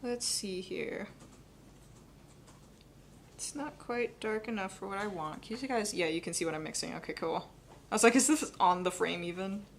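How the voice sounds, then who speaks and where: A young adult woman giving a live painting demonstration, talking quickly and chattily and laughing often. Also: mid-range voice, a little hiss or hum. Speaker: painting instructor.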